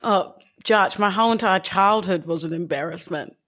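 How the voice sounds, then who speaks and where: A woman's voice: fairly low pitch, normal speed, a bit bright. A woman co-hosting a podcast in casual chat, cheeky and teasing. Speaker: podcast co-host.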